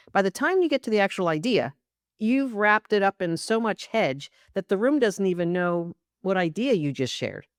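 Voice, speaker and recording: A woman's voice: on the low side, no echo, studio quality. A woman hosting a solo podcast, coaching listeners in a direct, emphatic way. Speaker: podcast host and leadership coach.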